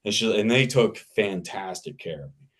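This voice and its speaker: A man, an actor guest, telling a casual anecdote in an animated way, repeating himself and laughing as he talks. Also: lowish voice, normal speed. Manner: animated, repetitive, laughing mid-sentence.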